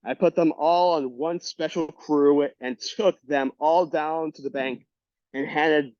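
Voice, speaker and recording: Man reading a memoir aloud, halting. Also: a little high, fairly even intonation, a little mellow, dry recording. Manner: halting, restarts words, marks quotes aloud. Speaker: book club reader. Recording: dull lo-fi recording.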